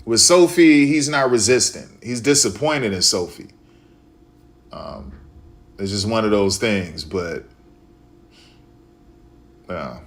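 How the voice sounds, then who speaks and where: A man's voice: lowish voice, takes it slowly, long pauses. A man from Chicago streaming live, talking casually and repetitively to his viewers, with a preachy way of speaking.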